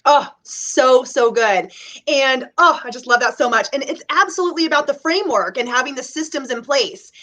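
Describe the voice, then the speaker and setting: A woman's voice: high voice, animated, normal speed, fairly bright tone. A woman hosting an interview, gushing with effusive agreement and praise. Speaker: interview host. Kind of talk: casual interview.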